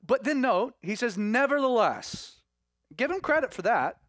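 Male pastor, casual chatty sermon, high voice, dry close sound. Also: a little fast, no echo. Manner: animated, conversational, laughing asides.

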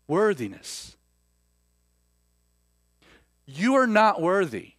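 A man preaching a sermon, swinging between loud emphasis and soft, hushed lines. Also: high-pitched, sing-song, unhurried, no echo, studio quality.

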